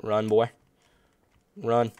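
A man's voice: medium pitch, level tone, extremely slow, a little hiss or hum. Upbeat man giving casual gameplay commentary. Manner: upbeat, chatty, jumps to loud outbursts and playful groans. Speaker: gaming video host.

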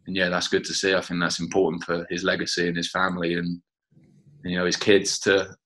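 A man with a low voice tells stories about an old teammate in an interview. His tone is bright and forceful, and he talks in a chatty way, peppering lines with "you know" and "like that, like.". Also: completely flat delivery, brisk, poor audio. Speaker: former teammate. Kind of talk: reminiscing interview.

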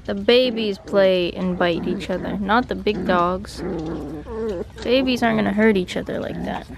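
A woman's voice: moderate pace, vocal fry, a crowd in the background. A young woman vlogging at home, chatting casually and scolding her dogs. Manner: scolding dogs, rising to high exasperated calls. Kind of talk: casual vlog chat. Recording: noisy home recording.

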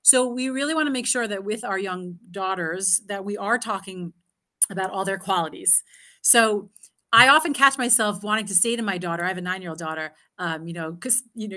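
A woman's voice: mid-range voice, expressive, fairly quick, sharp tone. A woman with a nine-year-old daughter answers a parent's question in a live Q&A, earnest and full of "you know" fillers. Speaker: parenting speaker.

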